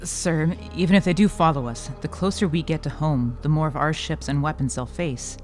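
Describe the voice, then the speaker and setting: A man's voice: on the high side, fairly even intonation, moderate pace, faint music behind, natural voice. A man playing a young communications officer in a radio drama, asking his captain questions deferentially. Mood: earnest.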